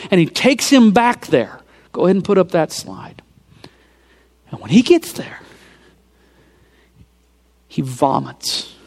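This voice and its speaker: A man preaching, retelling a film scene by scene in an animated storytelling sermon and dropping to hushed near-whispers for emphasis. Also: high-pitched, creaky.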